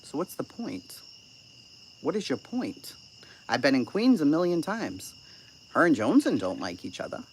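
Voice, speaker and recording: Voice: medium pitch, sing-song, moderate pace, long pauses, a little hiss or hum. A channel host giving casual live-stream commentary and answering chat, blunt, profane and sarcastic.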